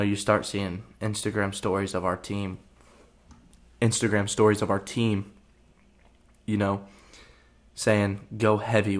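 A young man, a college football player, telling a story on his podcast in a relaxed, rambling way, full of fillers. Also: fairly low pitch. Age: young adult. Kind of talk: casual storytelling.

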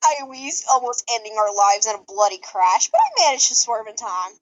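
Giggly high-voiced woman reading fanfiction. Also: expressive, brisk, dull audio. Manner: giggly, stumbling over words. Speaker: podcast co-host.

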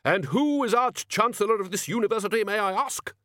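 A man voicing a blustering, overbearing male wizard who leads a university, in a booming, bellowing voice. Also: lively intonation, a little fast, a bit bright, no room sound, studio quality.

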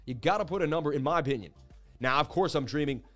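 A man's voice: fairly high pitch, lively intonation, quick pace, a bit bright, faint music behind. A man of about forty hosting a crypto livestream, chatting casually and reading out viewer messages in a hyped, talkative way.

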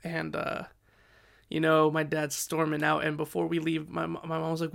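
A young man tells a story in a casual, animated way, acting out what people said. His voice sits a little high and has a gravelly edge. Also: normal speed. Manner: animated, acts out quotes.

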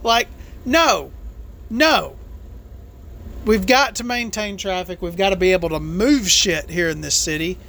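A woman with a bright, tense voice vents on her solo podcast, swearing hard as she complains about the road. Her delivery jumps around, leaping up in bursts and then dropping low and quiet. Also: unhurried, creaky, long pauses, a little hiss or hum. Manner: profane, angry complaining; lively, jumpy delivery. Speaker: podcast host and truck driver.

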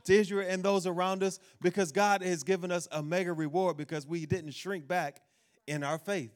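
A man with a high-pitched voice delivers a sermon as pastor. He preaches animatedly, turning to speak to the people watching online. He reads scripture out loud with strong emphasis. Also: fairly even intonation, normal speed.

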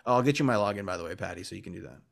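A man's voice: low-pitched, expressive, very fast, creaky. A man hosting a podcast in casual chat, rambling with lots of "like" and upbeat enthusiasm. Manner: rambling, filler-heavy, enthusiastic. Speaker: podcast host.

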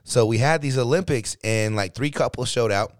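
A man's voice: mid-range voice, moderate pace, no room sound, clean studio sound. A man co-hosting a podcast, laid-back and slangy in casual chat, easing into stories. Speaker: podcast co-host.

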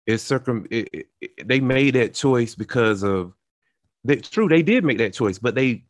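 A young man talks it through, earnest and searching, stopping and restarting as he builds examples. His voice sits at a middle pitch, and the recording is close and dry with no room sound. He sounds like a host in casual conversation. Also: lively intonation, moderate pace, no echo. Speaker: podcast host.

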